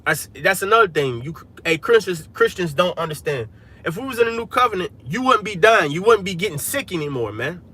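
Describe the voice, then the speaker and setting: Speaking a little fast in a high, sing-song voice that's pushed, bright and slightly rough, a livestream host preaches to viewers from inside a vehicle. His religious talk is casual and emphatic, full of "man" and "hey."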